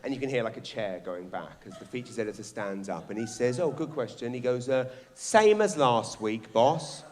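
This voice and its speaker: This stand-up comedian speaks in a lowish voice at a quick clip, hardly pausing, with noise in the background. Working a theatre stage before a live crowd on a stage mic, he tells animated stories, plays characters, and curses.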